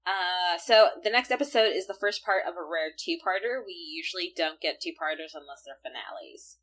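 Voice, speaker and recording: A woman with a low, husky voice chats casually as a podcast co-host. She recaps episodes in an animated way, her pitch rising and falling widely as she acts out lines. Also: brisk. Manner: animated retelling, acting out characters' lines. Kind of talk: casual chat recapping an anime.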